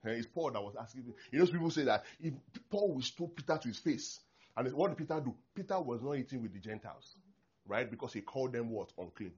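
A man, a pastor preaching a sermon in an animated way, acting out prayers and laughing often. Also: medium pitch, quick pace, husky. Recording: dull lo-fi recording.

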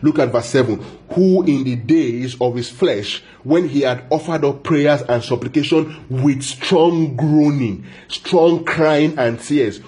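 A man preaching a Bible sermon, repeating phrases for emphasis, asking the listeners questions and stretching key words out slowly. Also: medium pitch, warm tone.

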